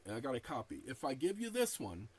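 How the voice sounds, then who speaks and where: A tired channel host talks casually to camera for his viewers, reading aloud and saying the commas and periods as he dictates. His mid-range voice is fast and sing-song with a breathy edge, and the recording quality is low.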